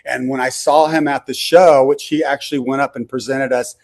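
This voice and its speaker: A man's voice: medium pitch, fairly even intonation, a little fast. An older man, a rock singer, telling rambling stories on a video call with lots of "you know" and "like". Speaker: rock singer, interview guest. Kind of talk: casual storytelling.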